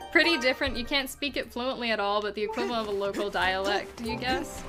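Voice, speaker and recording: A woman's voice: fairly high pitch, quick pace. A woman streaming a speedrun, chatting casually and rambling, laughing often. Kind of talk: casual chat while playing. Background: game music.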